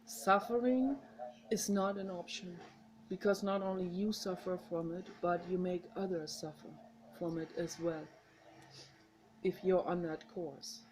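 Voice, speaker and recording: Slow, earnest woman vlogging. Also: lowish voice, steady tone, a little mellow, slight background noise, rough recording. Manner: earnest, rambling, heartfelt encouragement. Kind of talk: casual direct-to-camera monologue.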